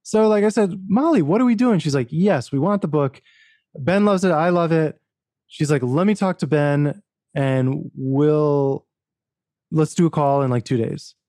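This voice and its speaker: Man, author guest, animated storytelling, acts out dialogue, restarts often, mellow tone, dry close recording. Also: on the high side, unhurried, dry recording. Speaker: author and book producer, podcast guest. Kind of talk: casual interview storytelling.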